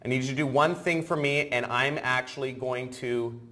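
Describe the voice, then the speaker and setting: A man hosting a sales webinar over a video call, pushy and building to loud excitement. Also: medium pitch, normal speed. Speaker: webinar host.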